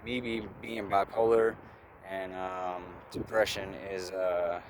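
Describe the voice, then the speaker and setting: A man telling a casual, rambling story for a vlog, swearing freely and filling pauses with "um" and "like", recorded outdoors beside a road. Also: sits low, flat delivery. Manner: rambling and profane, with many fillers. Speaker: vlogger. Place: outdoors by a roadside, traffic nearby. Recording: outdoor traffic noise.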